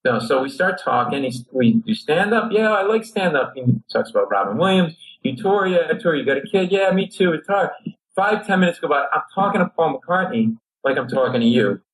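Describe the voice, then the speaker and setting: Excitable man telling a comic story. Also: rough recording. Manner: fast, excitable storytelling, lurching into high shouted asides. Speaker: comedian guest. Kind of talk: animated storytelling on a podcast.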